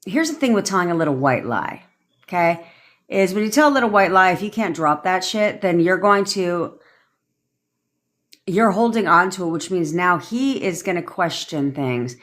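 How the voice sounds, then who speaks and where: A woman's voice: lowish voice, expressive, moderate pace, a bit bright. A woman manifestation coach giving blunt, rambling advice on a live stream, swearing freely as she reads and answers viewer comments.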